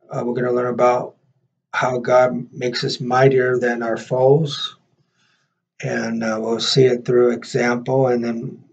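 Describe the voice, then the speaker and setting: A man, a minister and host, leading prayer and reading scripture in a halting way, repeating words with many fillers. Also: medium pitch, vocal fry, breathy edge. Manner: reads scripture slower and louder. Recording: dull lo-fi recording.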